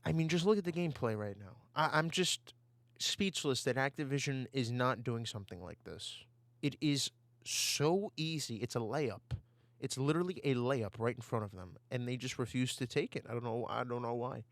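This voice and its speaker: A man's voice: mid-range voice, animated, moderate pace, no room sound. A man ranting over gameplay footage on a desk mic, heated and given to repeating himself. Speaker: gaming YouTuber. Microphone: desktop mic.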